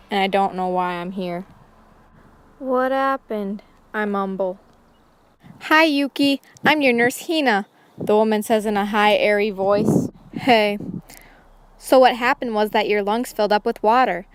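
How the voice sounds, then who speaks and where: Woman, story reader, smooth clear tone, plain first-person narration. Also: mid-range voice. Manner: reads plainly, voicing characters' lines lightly. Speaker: student reading her own story.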